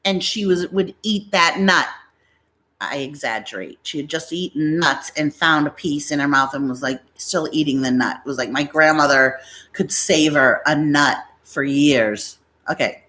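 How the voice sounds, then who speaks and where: A woman's voice: low voice, moderate pace, a bit bright. A middle-aged American woman hosting a livestream, telling rambling family stories in a casual, chatty way and slipping into voices of her relatives. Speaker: livestream host selling bags.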